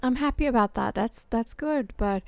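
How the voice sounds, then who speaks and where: A woman telling a work story in casual chat, halting and full of fillers and restarts. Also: on the high side, vocal fry, darkish tone, dry recording. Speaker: podcast host.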